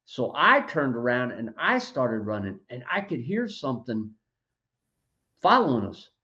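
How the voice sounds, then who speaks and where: A man hosting a podcast, telling his own story in casual talk, halting and restarting his words. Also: mid-range voice, sing-song, sharp tone. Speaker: podcast host. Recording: dull lo-fi audio.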